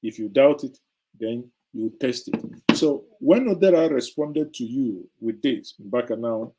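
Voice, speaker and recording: A man's voice: medium pitch, expressive, unhurried, noisy background. A middle-aged man gives indignant, sarcastic political commentary as a show host, hammering his points with emphatic repetition.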